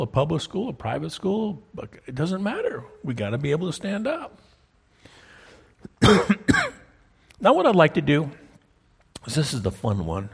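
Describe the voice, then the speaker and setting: A man's voice: medium pitch, vocal fry, slightly rough. A man preaching a sermon in a church, telling a story and often checking in with listeners. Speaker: pastor. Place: church sanctuary. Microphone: wears a clip-on mic.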